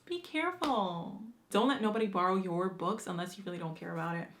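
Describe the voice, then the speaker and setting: A young adult woman vlogging about books in a chatty, animated way, with slang and the odd swear word. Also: mid-range voice, brisk, slight background noise. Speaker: book vlogger. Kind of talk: casual chat answering a book tag.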